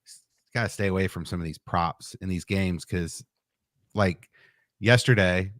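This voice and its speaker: A man's voice: low voice, a little slow, fairly bright tone, no room sound, studio quality. A man co-hosting a casual sports betting chat, laid-back and explaining at length.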